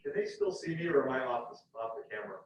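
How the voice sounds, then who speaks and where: A man lecturing a university class, explaining step by step and repeating key points slowly. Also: medium pitch, lively intonation. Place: lecture hall. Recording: echoey hall from far off, dull.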